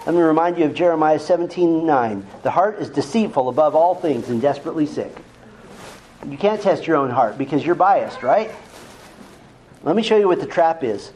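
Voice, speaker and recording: A man's voice: high-pitched, animated, fairly quick, darkish tone, slight background noise, poor audio. A male pastor preaching a sermon in a direct, conversational way, full of rhetorical questions to the congregation.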